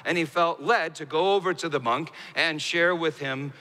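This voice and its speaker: Man preaching in an echoey hall. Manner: storytelling, swinging from raised emphatic bursts to hushed, low, slow delivery. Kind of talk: sermon. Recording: hall reverb.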